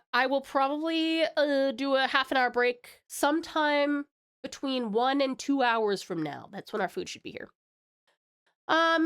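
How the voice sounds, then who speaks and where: A woman's voice: high-pitched, fairly bright tone. An Australian woman from Tasmania chatting casually on a live stream, bubbly and greeting her chat with pet names.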